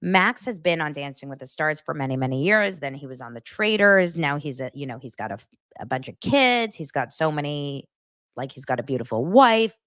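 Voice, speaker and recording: Young woman gossip host, low-pitched, dry close recording, casual and chatty. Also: normal speed, no room sound. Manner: chatty, animated, jumps between stories with asides. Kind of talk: casual celebrity gossip chat.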